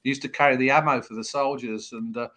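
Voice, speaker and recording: A man's voice: medium pitch, steady tone, fast, sharp tone. A man chatting casually on a livestream, rambling with lots of fillers.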